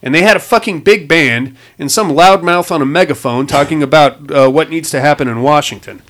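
Brief: a foul-mouthed, rambling host recapping a film, voice a touch high. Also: male voice, a little fast, fairly bright tone. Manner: profane, rambling, wisecracking. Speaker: podcast host. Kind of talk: casual movie recap.

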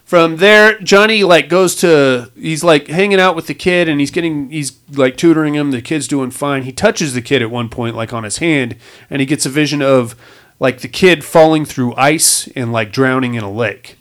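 A man's voice: fairly high pitch, normal speed, fairly bright tone. A man casually recapping a movie plot, rambling and swearing with wisecracks. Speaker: podcast host.

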